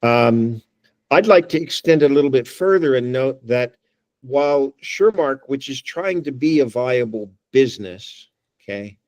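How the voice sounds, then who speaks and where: A man's voice: medium pitch, expressive, unhurried, darkish tone, no room sound. A man giving a talk at a working group meeting, thinking aloud with wry asides and frequent restarts. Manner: thoughtful, wry, restarts phrases. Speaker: guest speaker. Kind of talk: presentation with discussion.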